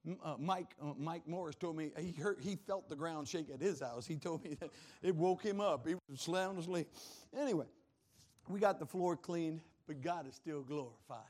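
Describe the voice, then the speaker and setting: A pastor with a fairly high-pitched voice preaches an animated sermon, peppering the congregation with questions and laughing often.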